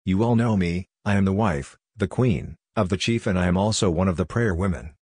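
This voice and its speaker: A man's voice: deep voice, a little fast, a little mellow, husky, no echo, studio quality. A man reading the lines of a distraught middle-aged woman, a chief's wife, in a pleading, anguished tone.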